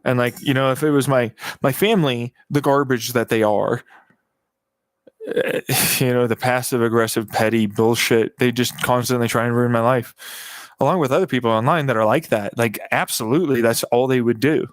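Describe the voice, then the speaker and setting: A man's voice: mid-range voice, fairly even intonation, normal speed, no room sound. Agitated, foul-mouthed man venting. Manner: agitated, profane, repeating himself. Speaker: vlogger. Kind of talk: rambling personal monologue.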